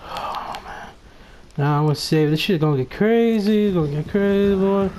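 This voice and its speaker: Swearing nonstop, a gamer narrates his play live and now and then yells in panic at the screen. His voice is medium in pitch and moves at a normal speed, with a noisy background behind him.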